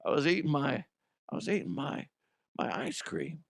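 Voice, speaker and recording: A man's voice: on the high side, big pitch swings, normal speed, vocal fry, no room sound, studio quality. A man doing a mumbling, rambling impression of an elderly male politician.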